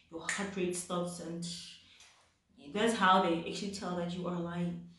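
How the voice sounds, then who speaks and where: A woman's voice: on the low side, level tone, normal speed. A woman from South Africa talks casually to camera, giving relationship advice. She repeats her points and checks in with "right?". Her voice rings around a very echoey room, picked up from a distance. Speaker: vlogger giving dating advice.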